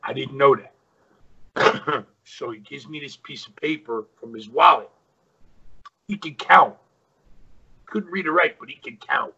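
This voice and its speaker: Middle-aged guy rambling thru wrestling stories, bright gravelly voice, dull lo-fi audio. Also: a little high, lively intonation, measured pace, long pauses. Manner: rambling, many fillers. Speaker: guest, retired pro wrestler. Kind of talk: casual interview storytelling.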